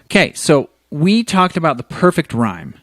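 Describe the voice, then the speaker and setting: A podcast co-host with a slightly high, very animated voice talks at a moderate pace, and there is no room sound. In casual chat, he explains meter and rhyme like a teacher, checking in with "okay?" after each point.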